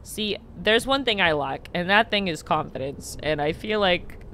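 A woman giving casual, chatty commentary while streaming a video game, sarcastic and swearing, with sudden loud squeals. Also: fairly low pitch, animated, normal speed, a little hiss or hum.

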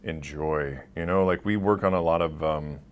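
A man's voice: extremely low pitch, normal speed, slight background noise. A man working as a voice actor, answering interview questions in a rambling, casual way and laughing often. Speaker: voice actor guest.

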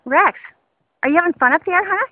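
A woman's voice: very high-pitched, lively intonation, a little fast, no echo, phone-quality sound. A woman talking sweetly to her dog in a casual home video outdoors. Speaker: dog owner filming her pet.

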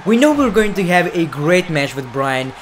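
A young man commenting on a wrestling video game, excitable and profane, sometimes doing mock announcer calls. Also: a little high, normal speed, a little hiss or hum. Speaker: gaming commentator. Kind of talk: let's play commentary.

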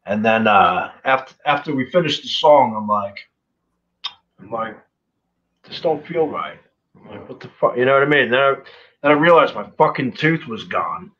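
An expressive man of medium pitch speaks at a moderate pace, the recording's highs cut off. Singer for a punk band, he's a guest on a remote live stream call telling road stories, profane throughout, rambling, and full of fillers.

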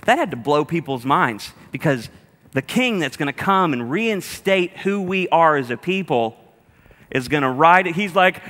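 Bright-voiced preacher joking with his congregation. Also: fairly high pitch, animated, normal speed, big-room sound. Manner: humorous, conversational, speaks directly to the congregation. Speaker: pastor. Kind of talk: sermon. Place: church auditorium with a congregation.

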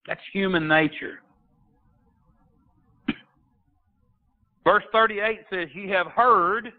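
High-pitched preacher guy, sounds like it's over a phone line, gets loud and emphatic. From Texas. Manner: preaching with rising emphatic bursts and King James quotations. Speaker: pastor. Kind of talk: sermon.

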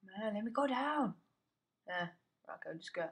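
A man's voice: sits high, lively intonation, normal speed, fairly bright tone. A teenage boy giving casual gameplay commentary. He mutters to himself, swears, and yelps whenever something startles him. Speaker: gamer.

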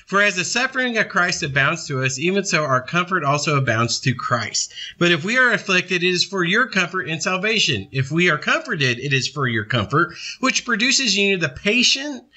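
A man's voice: high-pitched, very animated, normal speed, hardly any pauses, bright, forceful tone. A man in his thirties leading a casual Bible study, talking conversationally and asking and answering his own questions. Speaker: preacher.

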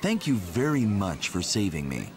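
A man's voice: deep voice, big pitch swings, normal speed, noisy background. A man playing a grateful adult man rescued from the water in a storybook, giving earnest thanks.

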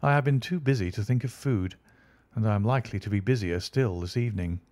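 Guy playing confident schemer dude, clipped and matter of fact, lowish, dry. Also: fast talker, a little mellow, no room sound, lightly acted. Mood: brisk. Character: brisk, confident man planning a scheme.

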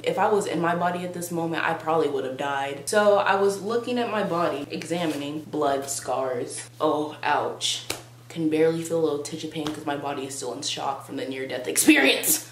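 A young woman vlogger telling a comic story in a dramatic, sarcastic, exaggerated way. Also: sits low. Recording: roomy with faint hum.

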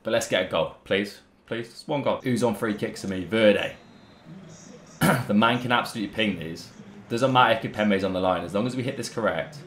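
A young man giving excitable live commentary on a football video game, full of banter and calling viewers lads and boys. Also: lowish voice, a little fast. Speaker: gaming YouTuber. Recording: roomy echo, faint background music.

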